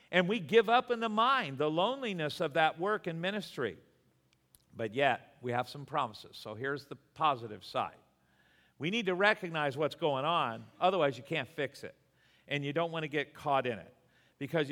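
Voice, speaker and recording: A man's voice: a little high, fairly bright tone, long reverb tail. A man pastor preaching a sermon in earnest, repeating words for emphasis.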